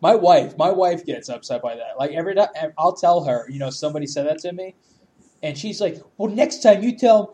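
A man's voice: on the high side, a little fast, mellow. A man chatting casually as podcast co-host, ranting profanely and laughing often. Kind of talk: casual chat.

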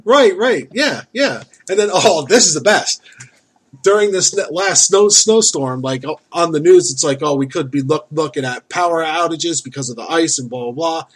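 Husky man ranting about neighbors. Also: a little high, lively intonation, moderate pace. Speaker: store worker. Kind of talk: casual chat.

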